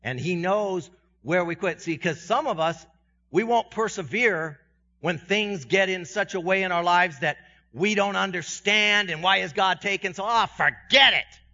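A pastor preaching a sermon to his congregation in a conversational way, with self-deprecating humor, his voice swinging from loud and high to quiet and low. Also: unhurried. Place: church sanctuary. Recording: dull sound with long reverb in a church hall.

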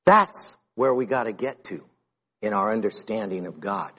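A man's voice: on the low side, moderate pace, background noise. A man preaching a sermon in a conversational way, retelling his own conversations and building in intensity. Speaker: pastor.

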